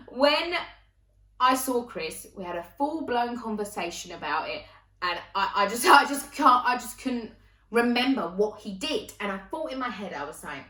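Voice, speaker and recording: A woman's voice: fairly high pitch, lively intonation, moderate pace, fairly bright tone. A young woman with an Essex accent telling a rambling, sweary comic story alone in her bedroom. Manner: chatty, rambling, swears freely. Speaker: comedic storyteller. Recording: echoey room, mic at a distance.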